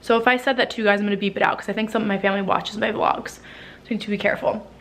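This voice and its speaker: In a home vlog shot in her living room, a young woman from New Jersey races through casual talk at medium pitch and a steady tone, with slight background noise. She sounds a little winded and emotional, dropping "like" often and cursing.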